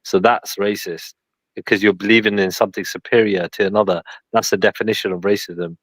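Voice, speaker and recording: A man's voice: on the low side, fairly even intonation, fairly quick, a bit bright, dry recording. A man chatting casually in a group call, blunt and heavily profane in his banter.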